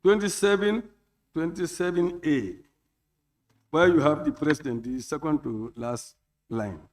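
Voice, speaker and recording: A man responding from the government side, briskly pointing out wording in the text. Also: a little high. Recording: voice distant from the mic.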